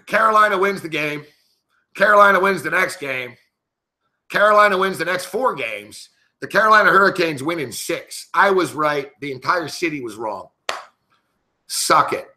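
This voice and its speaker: A man's voice: on the high side, lively intonation, normal speed, sharp tone. A middle-aged man hosting a sports betting show, telling a story in casual, profane, brash chat and laughing between lines.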